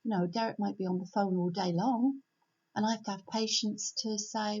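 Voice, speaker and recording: An older woman giving a homely, gentle devotional talk from home, repeating her key phrases. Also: medium pitch, normal speed, breathy edge. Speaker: church speaker. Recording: dull lo-fi home recording.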